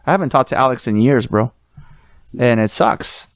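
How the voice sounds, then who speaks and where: A man's voice: medium pitch, normal speed, dry recording. Podcast co-host, man, laid-back slangy chatter, dry close recording. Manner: relaxed, slangy, says bro and dude. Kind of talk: casual chat.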